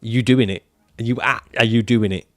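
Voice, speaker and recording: A man's voice: medium pitch, fairly even intonation, fairly quick, faint music behind. A man livestreaming casually, reading out viewer comments and answering them in a jokey, profane way and laughing often.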